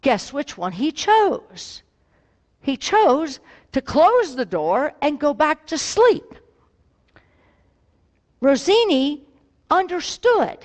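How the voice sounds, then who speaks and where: Slow, soft-spoken woman pastor in a hall. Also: high-pitched, big pitch swings. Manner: gentle, reflective, storytelling. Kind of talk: sermon. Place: church sanctuary. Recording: long reverb in a hall.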